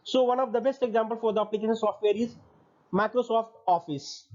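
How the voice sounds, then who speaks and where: A man's voice: sits high, steady tone, fairly quick, darkish tone. A male lecturer reading his slide points and then restating them in a recorded online lesson. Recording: dull lo-fi audio.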